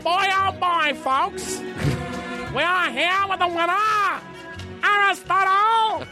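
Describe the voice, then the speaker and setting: Brash nasal old-time radio announcer played by a man, very high, music behind. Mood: giddy. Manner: booming rapid-fire patter. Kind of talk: 1930s radio announcer parody.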